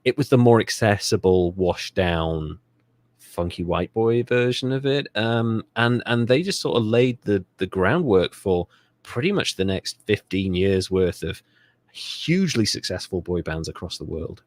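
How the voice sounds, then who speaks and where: Low-voiced man, lively and joking. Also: a little slow, no room sound. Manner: animated, joking, swears freely. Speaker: podcast co-host. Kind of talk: casual comedic history chat.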